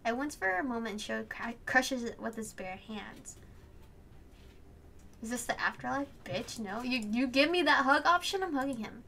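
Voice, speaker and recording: A woman reading a visual novel aloud and reacting in an excitable, gushing way, swearing and laughing at the story. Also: on the high side, moderate pace, vocal fry, a little hiss or hum. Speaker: let's play host.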